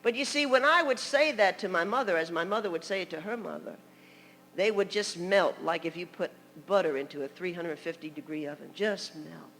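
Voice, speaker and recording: A woman's voice: fairly low pitch, brisk, a bit bright, long reverb tail, a little hiss or hum. An older woman from New York preaching a sermon as a story, chatty, with laughing asides and many "you know"s.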